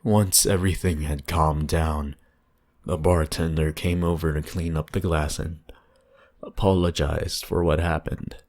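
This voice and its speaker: A man narrating a horror story in a slow, measured, somber reading voice. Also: a bass voice, steady tone, a little mellow. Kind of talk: scripted narration.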